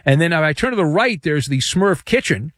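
A male sports radio host rides a lively, swooping voice pitched a little high, playing every line for sarcasm. His monologue runs loose with fillers and restarts. The studio mic sounds close and dry. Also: fairly quick, no room sound. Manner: sarcastic, joking, animated delivery with many fillers.

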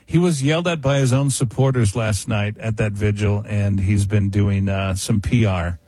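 A man's voice: lowish voice, moderate pace, a little mellow, breathy edge, no room sound. A man co-hosting a talk radio show, introducing a clip in a mocking, dismissive way.

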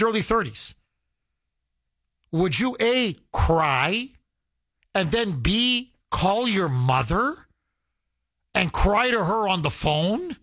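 Male radio host with a high-set voice; combative, emphatic monologue with lots of restarts, taken dry off a studio mic. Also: a bit bright, no room sound. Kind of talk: opinionated talk radio monologue. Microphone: studio microphone.

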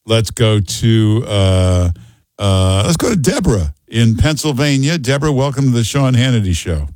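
A man's voice: medium pitch, sing-song, normal speed, darkish tone, no room sound. A man hosting a call-in radio show, giving blunt, sarcastic commentary and taking callers. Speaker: radio talk show host.

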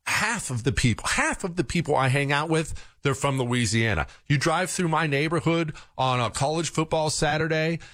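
A man's voice: fairly high pitch, moderate pace, few pauses. A man hosting a talk radio show, telling stories and mocking a guest with sarcastic asides. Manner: sarcastic, mocking, animated storytelling.

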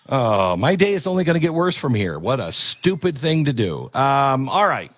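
A man's voice: mid-range voice, very animated, moderate pace, few pauses, a bit bright, soft background music. Rambling male talk radio host. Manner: rambling, conversational, self-interrupting. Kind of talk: political talk radio monologue with ad read.

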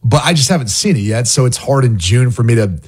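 A man's voice: medium pitch, fairly quick, breathy edge. A man co-hosting a sports talk show, chatting casually and hedging his picks with restarts. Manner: animated and hesitant, with frequent restarts and laughs. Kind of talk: casual sports radio chat.

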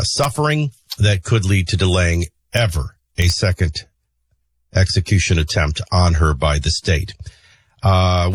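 Husky low-voiced male radio host. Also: dry recording, clean studio sound. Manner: opinionated, conversational, sarcastic asides; frequent filler pauses. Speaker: radio talk show host. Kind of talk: morning talk radio news and commentary. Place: radio studio. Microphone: studio broadcast mic.

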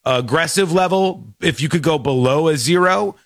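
A man hosting a talk show, chatting casually in a rambling, animated way and laughing often. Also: fairly high pitch, moderate pace, no room sound, studio quality. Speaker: radio show host.

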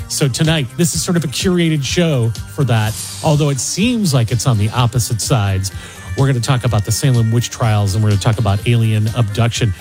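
A man hosting a late-night radio talk show, opening it with a smooth, measured broadcast delivery. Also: mid-range voice, a little mellow, faint music behind, rough recording.

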